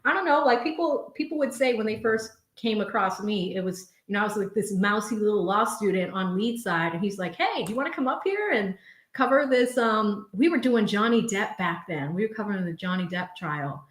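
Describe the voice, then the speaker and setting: Her voice sits in the mid range, expressive and a little fast, with a roomy sound. She's a young woman running a relaxed home livestream, laughing frequently as she reads viewer super chats out loud.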